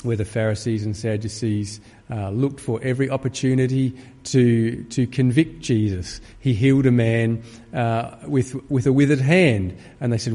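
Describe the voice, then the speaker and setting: Guy preaching a sermon, mid pitch, long church echo, gets fervent n pleading. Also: steady tone, normal speed, hardly any pauses, dark tone. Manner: rising to fervent, pleading peaks. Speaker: pastor. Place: empty church. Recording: long reverb of an empty church.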